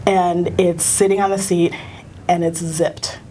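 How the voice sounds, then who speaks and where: A middle-aged American woman, a teacher and union leader, recounting a personal experience in a halting, earnest way with many fillers and restarts. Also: fairly low pitch, level tone, very noisy. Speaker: union council president, teacher. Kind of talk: personal storytelling in a recorded conversation.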